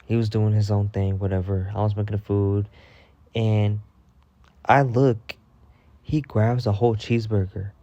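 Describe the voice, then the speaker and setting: Mellow-voiced man gossiping in a storytime vlog. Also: a little slow, pauses often, no room sound, lo-fi sound. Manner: profane, animated gossiping with sudden high-pitched quoted outbursts. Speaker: storytime vlogger. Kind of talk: casual storytime.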